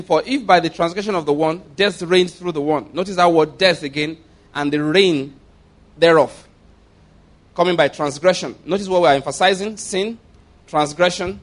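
A middle-aged man preaching a sermon, reading scripture slowly and with heavy emphasis. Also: on the high side.

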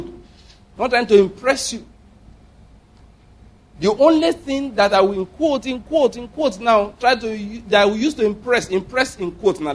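Husky, jokey male preacher. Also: sits high. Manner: jokey, digressive, repeats himself. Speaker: pastor. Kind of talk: sermon.

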